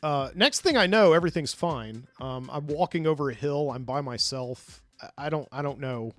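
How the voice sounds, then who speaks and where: A man's voice: a little high, moderate pace, no room sound, faint music behind. A man, a podcast host, casually recounting a dream in a rambling way, full of fillers and restarts.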